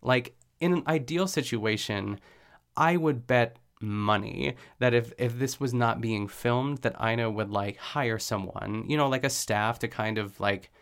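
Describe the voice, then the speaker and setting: A man recaps a cooking show in a loose, chatty podcast style. His voice has a gravelly edge and sits at an ordinary pitch. He rambles and fills gaps with "like" and quick laughs. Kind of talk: casual chat.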